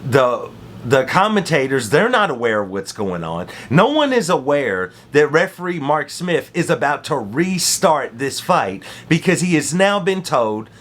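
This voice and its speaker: A man's voice: fairly high pitch, sing-song, unhurried, a bit bright. A man hosting a casual fight recap, telling the story with slang and repeated phrases. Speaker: MMA commentary host.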